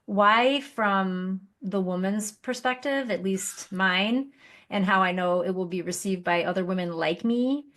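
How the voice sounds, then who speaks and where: A woman hosting a podcast, asking her guest measured, probing questions. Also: medium pitch, a bit bright. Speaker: podcast host. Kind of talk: podcast interview.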